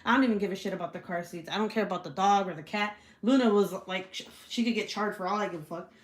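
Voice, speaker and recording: Woman host, casual swearing storyteller, loves to act out quotes and laugh. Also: fast. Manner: animated, swears freely, acts out quotes with big pitch jumps; laughs often while telling the story. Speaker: channel host.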